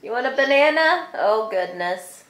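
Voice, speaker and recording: A woman's voice: on the high side, animated, a little slow, fairly bright tone. A young adult woman, a mother filming a casual home vlog, talking playfully in baby talk to her son and her cat. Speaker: vlogger and mother. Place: home, indoors.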